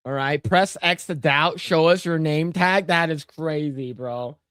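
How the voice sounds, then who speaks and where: A man's voice: a little high, unhurried, a bit bright, smooth, no room sound, clean studio sound. A man co-hosting a livestream, telling a long story in loose, profane chat full of restarts and stammers. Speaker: podcast co-host.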